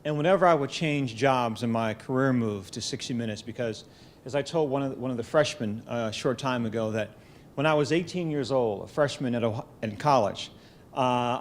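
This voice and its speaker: A middle-aged man giving a formal keynote speech at a college event, speaking in a measured storytelling way with touches of gentle humor, into a podium microphone. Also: mid-range voice, slight background noise.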